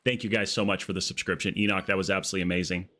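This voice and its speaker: Excitable male game streamer. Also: low-pitched, rapid-fire. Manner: excitable, jokey, talks to chat. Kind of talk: casual live-stream commentary.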